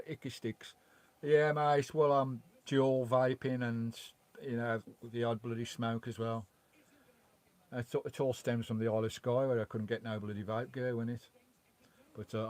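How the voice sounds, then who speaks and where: Man, live-stream vlogger, rambling casual chat, mild swearing, middle pitch, parked in a campervan. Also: a little mellow.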